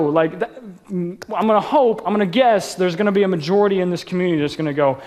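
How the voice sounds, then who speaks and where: A man's voice: sits high, fast talker, hardly any pauses, darkish tone. A man preaching a sermon as pastor at a live church service, casual and joking as he tells personal stories. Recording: long reverb of a large church hall.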